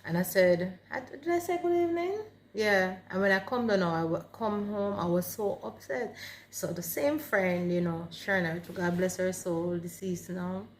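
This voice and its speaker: A woman's voice: on the low side, measured pace, slight background noise. A Jamaican woman in her forties is chatting casually on a vlog. She tells her story with energy and brings its scenes to life. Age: 40s. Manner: animated, reenacts dialogue vividly. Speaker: vlog co-host.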